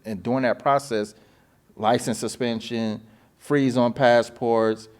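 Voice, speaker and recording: A man in his forties, hosting a podcast and telling his story in a casual, animated way, acting out phone calls with voices and swearing. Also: mid-range voice, takes it slowly.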